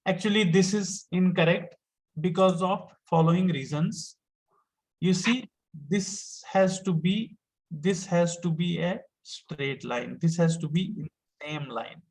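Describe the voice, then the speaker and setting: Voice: medium pitch, slow, darkish tone, rough recording. A teacher, giving an online lesson step by step and patiently repeating each point.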